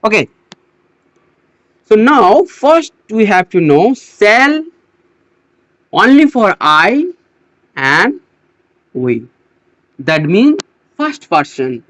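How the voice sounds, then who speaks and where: Grammar teacher going slow, lots of repeats and restarts, pitch jumps around a lot. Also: big pitch swings, a bit bright, no echo. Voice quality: non-native English phrasing. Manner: halting, repeats words and restarts often. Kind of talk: slow explanatory grammar lesson.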